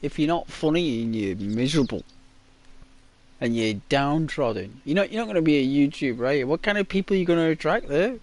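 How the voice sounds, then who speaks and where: This Liverpool-accented gaming YouTuber talks fairly quickly in a slightly high, expressive voice. Rambling and chatty, he plays a game for his viewers and keeps slipping in "right?" and "you know".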